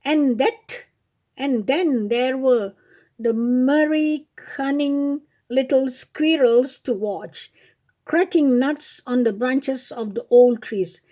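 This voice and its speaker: A woman reading a fairy tale aloud in a high, mellow voice. She takes her time, and small slips and self-corrections dot her storytelling. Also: slow.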